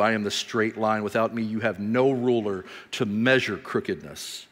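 A man in his thirties preaching a sermon as pastor, telling stories animatedly and swinging from loud bursts to quiet, slow emphasis. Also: fairly low pitch. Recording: reverberant hall.

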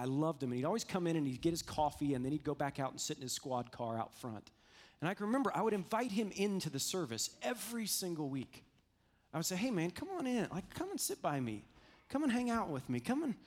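A man preaching a live sermon in an earnest, repetitive way that builds up and then drops down. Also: high voice.

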